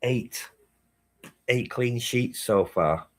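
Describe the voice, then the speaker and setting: A man's voice: mid-range voice, extremely slow. A man hosting a live match watchalong, chatting casually, swearing and reading chat messages aloud. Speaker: fan channel host.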